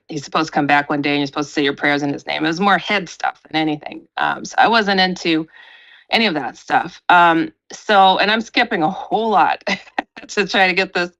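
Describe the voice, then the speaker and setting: Middle-aged woman, paranormal researcher as guest, lively storyteller, a bit low-voiced, dull lo-fi audio. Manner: acts out quotes with big pitch jumps, laughs often. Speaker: paranormal researcher and radio host as interview guest. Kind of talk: animated storytelling.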